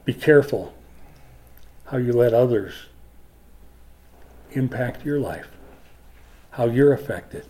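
A man from Minnesota preaching a sermon as a pastor, emphatic and swinging from forceful lines to hushed ones. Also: medium pitch, takes it slowly, long pauses. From Minnesota, USA.

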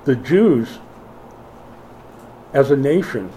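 A middle-aged man preaches a sermon in a mellow, warm voice. He swings between quiet, explanatory teaching and emphatic, rising declarations, and drops in folksy asides to his congregation. A faint background ambience sits under his voice. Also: medium pitch, very animated, extremely slow, slight background noise, poor audio. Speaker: pastor.

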